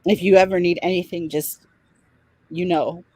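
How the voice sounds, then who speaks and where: A woman co-hosting a casual livestream chat, gently and sympathetically addressing viewers. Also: on the low side, fairly even intonation, normal speed, no echo. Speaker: livestream co-host.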